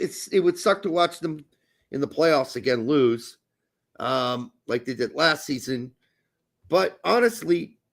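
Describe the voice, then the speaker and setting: A man's voice: a little high, gravelly, fairly bright tone. A man co-hosting a casual soccer podcast, blunt and crude, talking emphatically. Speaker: podcast co-host.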